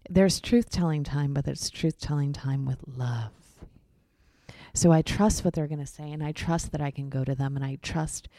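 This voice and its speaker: A woman with a low, mellow voice talks frankly in a relaxed, candid conversation. She swears freely and slips into little acted-out voices when she quotes people. The recording is dry and close. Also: normal speed, dry recording.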